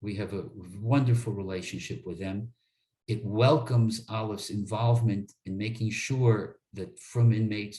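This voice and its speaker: In an echoey room, a fairly low, darkish male voice belongs to an attorney being interviewed. His storytelling is earnest, and he tends to double up words at the start of sentences.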